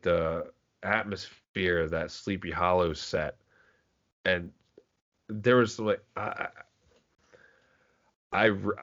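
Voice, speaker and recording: He's a podcast co-host with a deep, fairly bright voice, casually chatting about films. The talk rambles with lots of restarts and casual cursing, and the recording is dull lo-fi podcast audio.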